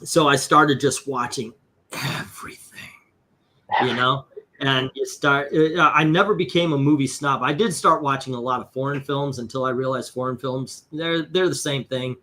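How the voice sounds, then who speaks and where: Comics host, man, bright tense voice, loose rambling chatter, swears often. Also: mid-range voice, normal speed, slight background noise. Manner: rambling, profane, lots of fillers. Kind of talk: casual livestream chat.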